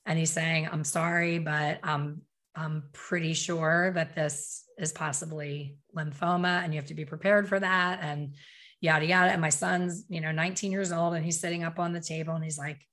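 A middle-aged woman telling a personal story in a candid, emotional way, with quick asides and self-corrections. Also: low voice, steady tone, a bit bright. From Philadelphia.

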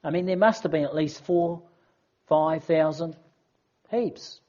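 A preacher delivers a sermon in a chatty, lively way, acting out little asides along the way. The voice is husky and breathy. The recording sounds dull and muffled, with little top end. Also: mid-range voice, unhurried. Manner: conversational, expressive preaching with acted asides.

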